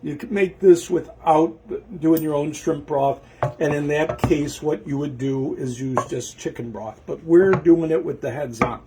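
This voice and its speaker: A man's voice: a little high, measured pace, noisy background. A man hosting a home cooking show, talking through a recipe in a rambling way while he cooks in his kitchen and often loses track of the next step. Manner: rambling, talks to himself while cooking, forgets steps. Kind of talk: casual cooking demonstration.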